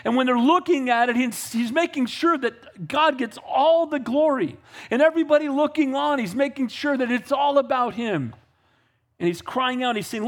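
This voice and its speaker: A man preaching a sermon as pastor, swinging from calm asides to fervent, raised passages and calling out to the congregation. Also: very high-pitched, moderate pace. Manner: builds to fervent, raised preaching, with audience call-outs.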